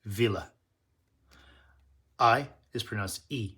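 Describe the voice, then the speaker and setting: A man's voice: lowish voice, slow pace, bright, forceful tone, husky. A man hosting his tool channel, chatting casually and nerdily through an unboxing and correcting himself as he goes. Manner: chatty, nerdy, self-correcting.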